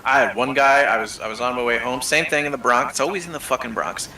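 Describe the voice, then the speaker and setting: A man chatting casually as a streamer co-host, telling lively stories and swearing freely. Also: medium pitch, fast, far from the mic, a little hiss or hum, poor audio. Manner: animated storyteller, swears freely. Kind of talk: casual chat while gaming.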